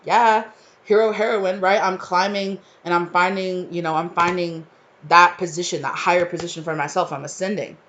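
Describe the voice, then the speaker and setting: A woman's voice: fairly low pitch, steady tone, moderate pace, fairly bright tone, highs cut off. Effusive rambling woman reading tarot. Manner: rambling, effusive, full of fillers and restarts; emotional, spiritual. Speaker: tarot reader.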